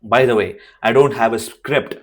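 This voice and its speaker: Facing the camera with no script, a communication coach speaks in a mid-range voice that is hoarse and worn yet fairly bright. His tone is steady at a normal speed, and he emphasizes points forcefully while repeating his core phrases.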